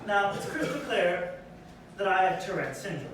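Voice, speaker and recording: A man doing a stand-up comedy set in a brash, punchy style with quick asides. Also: high voice, animated. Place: performance venue. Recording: echoey room, distant mic, noisy.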